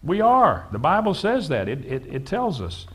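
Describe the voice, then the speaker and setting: A pastor delivering a sermon in a church sanctuary. His voice sits a little high for a man. He talks straight to his flock, asks them to repeat phrases back, and stumbles over repeated words as he presses his points. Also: huge pitch swings, normal speed, fairly bright tone, husky. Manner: preaches with call-and-response to the congregation, repeats words.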